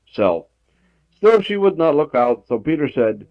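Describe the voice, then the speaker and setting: A man reading a children's story aloud at home, expressive, lifting his voice for emphasis. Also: a little high, moderate pace, dry recording. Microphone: home tape recorder. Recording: dull 1960s home audiotape.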